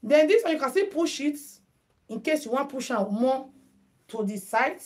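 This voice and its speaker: A woman's voice: high-pitched, expressive, normal speed, darkish tone. A Nigerian woman hosting a live headwrap tutorial stream, chatting casually with viewers and mixing in Pidgin. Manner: chatty, mixes Pidgin, greets viewers by name. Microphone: phone.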